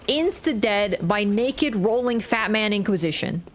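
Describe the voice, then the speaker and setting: Excitable swearing woman streamer. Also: medium pitch, a little slow, slight background noise. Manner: excitable, swears freely, bursts into laughter. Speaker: game streamer. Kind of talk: casual live-stream commentary while playing.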